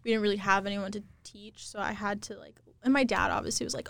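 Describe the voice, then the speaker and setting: A woman's voice: mid-range voice, fairly even intonation, quick pace, creaky, fairly bright tone, dry recording. A young woman guest in a casual podcast interview, telling stories chattily with constant fillers, in a campus studio. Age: young adult.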